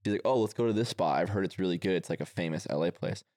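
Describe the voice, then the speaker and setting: Young male podcast co-host, quick animated storyteller, lowish voice. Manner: rapid storytelling, acts out quotes. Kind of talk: casual chat.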